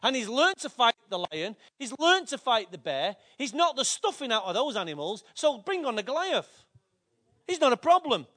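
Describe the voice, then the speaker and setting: A man, preaching a sermon with animated storytelling that builds to shouts. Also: very high-pitched, moderate pace.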